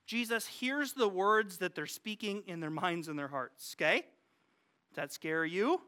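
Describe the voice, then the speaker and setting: A pastor preaching a sermon to a congregation, conversational and animated, jumping from loud outbursts to hushed asides and questions to the listeners. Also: medium pitch, measured pace. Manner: asks the congregation questions and jokes about family life. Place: church, speaking to a congregation.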